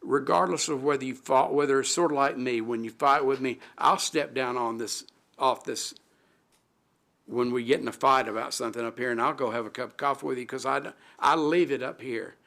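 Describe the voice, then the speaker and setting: During a council meeting, a middle-aged alderman gives a moving tribute, his speech broken by frequent pauses and restarts at a desk microphone. His voice is medium in pitch, pushed and bright, with vocal fry.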